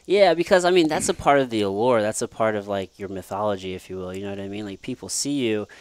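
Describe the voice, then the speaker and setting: A man's voice: fairly low pitch, fast talker, smooth, dry recording. A man hosting a podcast interview, talking casually and affirming his guest often. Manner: casual, affirming, lots of "you know what I mean". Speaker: podcast host.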